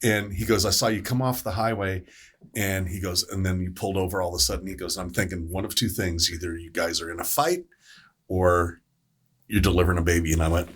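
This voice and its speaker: A man who works as a paramedic, telling a story on a podcast panel in a casual, animated way, acting out the voices he quotes. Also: sits low, fairly quick, slightly rough. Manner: animated storyteller, acts out quoted voices, laughs between lines.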